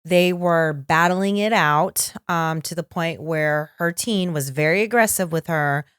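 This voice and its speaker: A woman's voice: low-pitched, a little slow, a bit bright, clean tone, dry recording. Middle-aged woman, podcast co-host, casual chat, dry close recording. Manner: conversational, acts out quoted voices.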